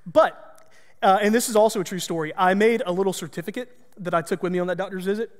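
A man's voice: sits high, fast, long reverb tail. A man, a pastor, telling a personal story in a folksy, self-deprecating sermon.

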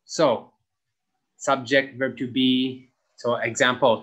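A young adult man teaching an English grammar lesson, slowly stretching out key words as he models them for students. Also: medium pitch, fairly bright tone, low-quality recording.

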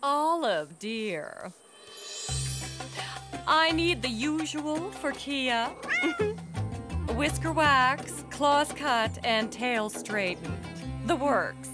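A woman's voice: sits high, sing-song, drawn-out words, heavily acted. A woman voicing a grand, demanding queen in a cartoon, with a lofty drawl. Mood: regal. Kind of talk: cartoon voice acting. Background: music.

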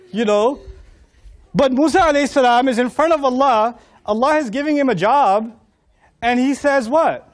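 A man preaching to a live audience in a humorous, animated way, acting out dialogue and laughing often. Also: very high-pitched, moderate pace.

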